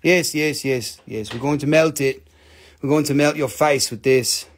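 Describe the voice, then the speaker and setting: A man's voice: on the high side, a little slow. A man hosting a live crystal sale stream in a casual, joking, rambling way, swearing freely and teasing himself. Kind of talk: casual live selling chat.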